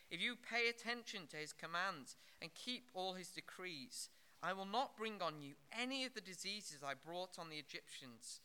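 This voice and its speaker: A man delivers an expository sermon in a lively, searching way, pausing with fillers and restarting phrases. His voice sits high and very bright, and it rides up and down with wide swings of pitch. The tone is clean and clear. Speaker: preacher.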